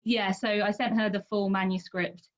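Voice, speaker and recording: A woman answering as a guest author in a relaxed, hesitant way with many ums. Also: mid-range voice, moderate pace, muffled recording. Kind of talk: casual interview chat.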